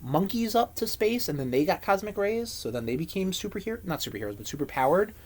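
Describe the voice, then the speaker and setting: A man co-hosting a casual podcast, rambling and animated, swearing freely as he chats. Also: high-pitched, quick pace. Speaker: podcast co-host. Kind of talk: casual chat.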